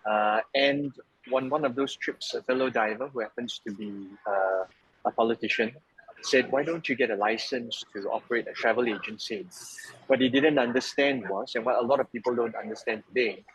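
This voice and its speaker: A man presenting at an online webinar, relaxed and joking, with plenty of fillers, from Malaysia. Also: medium pitch, moderate pace, slightly rough, dull audio. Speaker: webinar speaker, travel association president. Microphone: video call.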